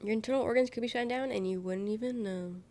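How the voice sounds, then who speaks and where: A woman's voice: a little high, quick pace, a little mellow. Nasal-sounding sick young woman streamer. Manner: rambling, giggly, swears freely. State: sick, congested. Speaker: live streamer. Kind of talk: casual chat with live viewers.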